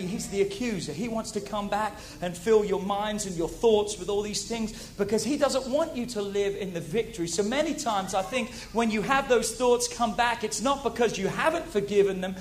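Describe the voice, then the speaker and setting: A man preaching a sermon to a congregation, animated, repeating key phrases and asking the audience questions. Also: sits high, slight background noise.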